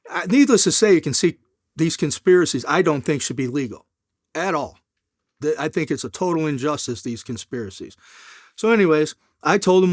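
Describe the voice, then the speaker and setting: A middle-aged man tells his story as an interview guest with a lot of life, his pitch swinging up and down as he acts out the people in it. His voice sits a bit high for a man. The sound is close-miked and dry. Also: big pitch swings, brisk, no room sound.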